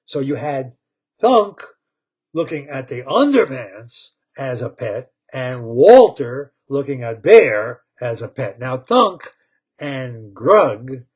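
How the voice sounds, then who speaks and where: A man retelling a story with excitement, repeating words, laughing and tripping over tongue twisters. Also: mid-range voice, takes it slowly, breathy edge.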